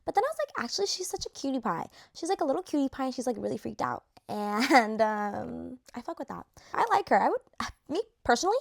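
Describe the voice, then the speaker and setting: A young woman talks casually straight to her viewers, ranking reality show contestants. Her talk is loose and slangy and full of fillers. Her voice sits a little high. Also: sing-song, brisk, vocal fry. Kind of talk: casual chat to camera.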